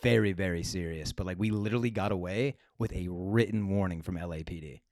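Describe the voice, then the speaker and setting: A young man co-hosting a comedy podcast, telling an animated, profane story in casual chat. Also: low voice, brisk, no echo, studio quality.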